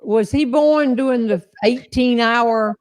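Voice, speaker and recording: A woman hosting a casual live chat show, chatty and quick to laugh as she reads out viewer questions. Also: on the high side, a little mellow, no echo. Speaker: host.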